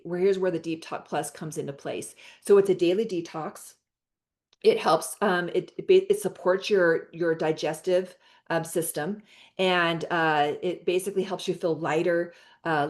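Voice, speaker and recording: An American woman with a somewhat low voice pitches skincare products on a video call. She talks eagerly and loosely, stumbling and restarting as she goes. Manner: chatty, many fillers and restarts. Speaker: host of a product presentation call.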